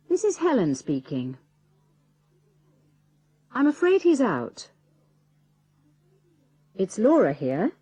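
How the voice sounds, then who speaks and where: Deliberate, husky woman reading drills. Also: medium pitch, warm tone, dry recording. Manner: deliberate, clearly stressed. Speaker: model speaker for drills. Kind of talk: clear drill sentences.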